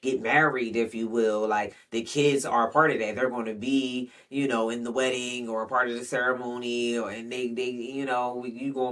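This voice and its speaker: A man's voice: medium pitch, a bit bright, far from the mic. A man telling a frank, rambling personal story in casual slang, storytime vlog style. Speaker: vlogger. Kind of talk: candid storytime monologue.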